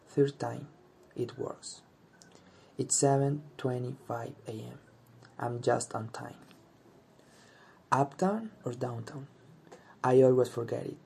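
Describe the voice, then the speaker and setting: A man tells a first-person story in short, deliberate sentences. His voice is gravelly and dark in tone. He speaks at a slow, unhurried pace. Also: mid-range voice, slight background noise.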